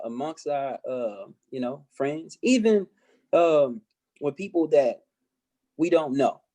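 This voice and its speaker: A male podcast guest talks in a halting way, leaning on fillers as he searches for words. His voice sits at a middle pitch with a mellow, warm tone. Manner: hesitant, full of fillers. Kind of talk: casual podcast discussion.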